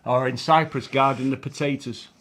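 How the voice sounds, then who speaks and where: A man's voice: medium pitch, steady tone, a bit bright, a little hiss or hum. Cynical older man. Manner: cynical, reminiscing, quick quips. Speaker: co-host. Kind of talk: casual chat.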